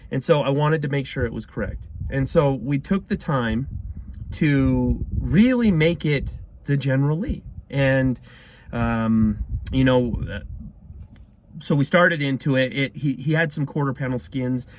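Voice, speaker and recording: A man in his thirties from Utah tells a long personal story in a casual, rambling way, with a mid-pitched voice. He gets excited, laughs often, and acts out the people he quotes. A soft hum of ambience sits faintly behind him. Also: unhurried, low-quality recording. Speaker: car restorer telling a story.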